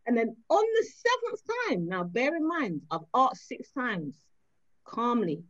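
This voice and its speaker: A woman's voice: a little high, moderate pace, dull audio. A woman guest on a parenting panel, chatting casually and acting out scenes with her children. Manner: animated, acts out her kids and herself. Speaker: guest, author and mother.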